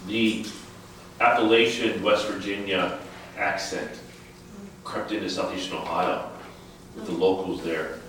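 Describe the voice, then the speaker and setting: A man's voice: deep voice, steady tone, a little slow, pauses often, a bit bright, slight background noise. A man leading an informal Bible study, asking his group questions in a conversational way. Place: church room. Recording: echoey room, from far off.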